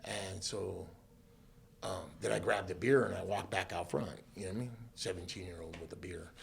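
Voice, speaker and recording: A man's voice: sits low, normal speed, creaky, slight background noise. A man from Southern California, a podcast guest, telling a story in a casual interview and acting out the voices of the people in it. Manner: animated storyteller who acts out quoted voices, laughs often.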